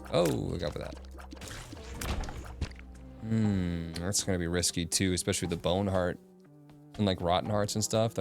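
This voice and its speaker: A man's voice: sits low, vocal fry. A man streaming a video game, chatting casually, thinking aloud and answering his chat. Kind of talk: casual gaming commentary. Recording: game music playing behind.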